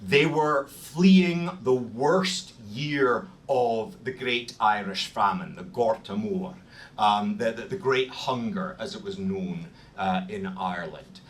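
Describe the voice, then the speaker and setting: A Scottish man gives a history lecture to a group in a lowish voice at a slow pace. He's self-deprecating, with lots of ums and restarts, recorded on a distant mic in a room with faint noise.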